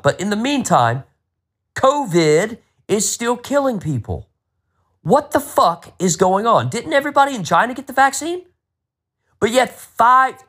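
A man's voice: extremely high pitch, husky. A man hosting a solo podcast, ranting with exasperation and plenty of profanity. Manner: profane, exasperated, animated rant. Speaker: podcast host.

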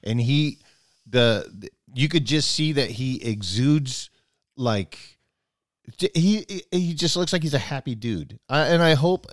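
A man's voice: medium pitch, lively intonation, a little slow, no echo, clean studio sound. A man telling a long personal story in casual chat, rambling, restarting his sentences, and acting out both sides of the conversation.

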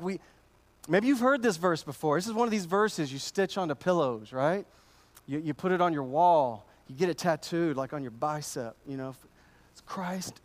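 High-voiced conversational male preacher. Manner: conversational, emphatic, repeats phrases. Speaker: pastor. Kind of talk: sermon.

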